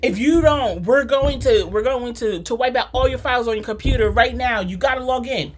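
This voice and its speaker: A middle-aged woman hosting a casual podcast chat, an animated storyteller who acts out the people she quotes and swears freely. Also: fairly high pitch, brisk, a little hiss or hum. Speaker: podcast host.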